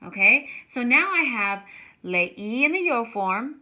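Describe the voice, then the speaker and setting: A woman teaching a Spanish grammar lesson, explaining slowly and stretching words out to show how they sound. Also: a little high, animated, dull audio.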